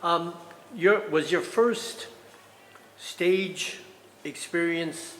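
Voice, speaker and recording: Male interviewer, slow hesitant questions, roomy reverb, faint noise. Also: fairly high pitch, fairly bright tone. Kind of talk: conversational interview. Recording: echoey room with faint noise.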